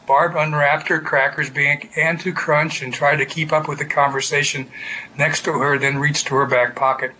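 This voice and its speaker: A man reading a literary short story aloud in a steady, measured way. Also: a little high, a little hiss or hum, rough recording. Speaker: narrator.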